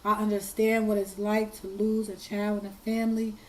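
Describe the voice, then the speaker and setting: A woman hosting an online commentary, speaking earnestly while hoarse and fighting back tears, often repeating her words. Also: mid-range voice, flat delivery, moderate pace, slight background noise, rough recording. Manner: earnest, choked up, repeats herself. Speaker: commentary channel host. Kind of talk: emotional commentary.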